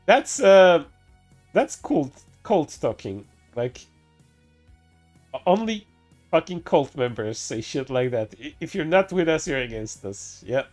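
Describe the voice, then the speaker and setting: Male streamer, higher-pitched, profane and giggly, with restless stuttering restarts. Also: lively intonation, slow, darkish tone, soft background music. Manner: profane, laughs often, stammering restarts. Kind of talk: casual reaction commentary.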